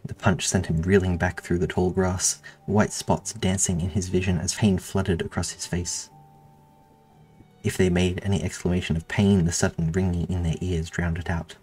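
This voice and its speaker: A man reading his own story aloud in a steady, measured narration. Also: low voice, breathy edge, faint music behind. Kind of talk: audiobook narration.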